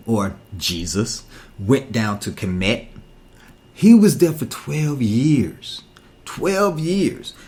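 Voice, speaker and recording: Preachy man with lively pitch. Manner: preachy, rhetorical questions, emphatic repetition. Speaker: talk show host. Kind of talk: impassioned monologue.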